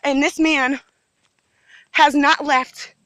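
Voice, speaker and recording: A woman's voice: high voice, level tone, slow pace, sharp tone, dry recording, poor audio. A woman giving a rambling, earnest first-person account to camera, repeating herself and restarting often. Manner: rambling, repetitive, with many fillers and restarts; earnest and insistent.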